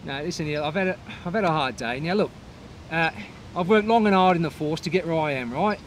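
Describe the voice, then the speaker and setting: Brief: a man as a ranting, exasperated cop, fairly high voice with a noisy background. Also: brisk, close to an everyday voice. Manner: gruff, fed-up ranting. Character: exasperated male police officer.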